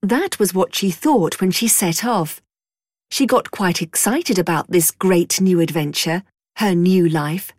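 A woman narrating a storybook in a clear, measured way. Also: lowish voice, darkish tone, dry recording, studio quality.

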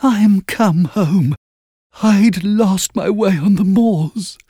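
A man doing a wailing ghost girl, high and slow. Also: warm tone, slightly rough, no room sound, clean studio sound, heavily acted. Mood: pleading. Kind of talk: storybook reading.

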